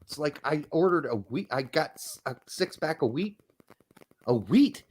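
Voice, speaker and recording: Ranting, swearing man with lively pitch. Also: a little slow, husky. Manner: blunt, profane and ranting. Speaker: podcast co-host. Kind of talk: casual soccer podcast chat.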